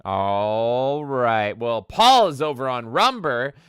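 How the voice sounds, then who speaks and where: A man co-hosting a gaming podcast in a casual chat, excitable and quick to swear, with rapid exclamations. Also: mid-range voice, clean tone, no room sound, studio quality. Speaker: podcast co-host.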